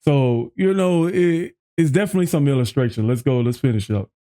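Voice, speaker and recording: Dark-voiced man reacting to music. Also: mid-range voice, brisk. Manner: excited, quotes lyrics back, restarts sentences. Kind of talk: casual reaction commentary.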